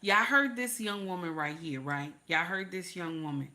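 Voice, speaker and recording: An older woman chats relationship advice to her live-stream viewers in a relaxed way, neither fast nor slow. She's full of energy, repeats herself, and goes low and confidential when driving a point home.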